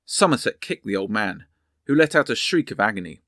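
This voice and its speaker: A man narrating a history lesson, reading from sources and a novel in a measured storytelling way. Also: lowish voice, sing-song, a bit bright, no echo, clean studio sound.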